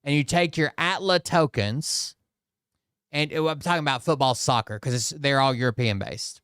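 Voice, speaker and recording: A man's voice: mid-range voice, moderate pace, fairly bright tone, smooth, no echo, studio quality. A man hosting a commentary channel, reacting to clips in a casual, skeptical way with frequent restarts and mocking asides.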